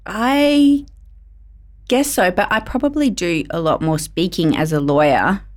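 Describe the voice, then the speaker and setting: A woman, a lawyer and podcast host, chatting in a relaxed interview and telling lively stories. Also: on the low side, unhurried. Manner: lively storyteller, laughs easily. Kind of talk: casual conversational interview.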